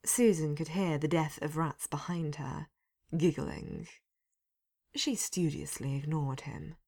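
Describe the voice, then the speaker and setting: Narrator: woman, deep and gravelly, reads slowly and dryly. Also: darkish tone. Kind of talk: storytelling reading.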